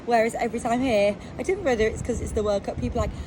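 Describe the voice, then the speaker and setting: An English woman, a reporter, chatting lively and conversationally in a casual vlog. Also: on the high side, rapid-fire, noisy background. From England.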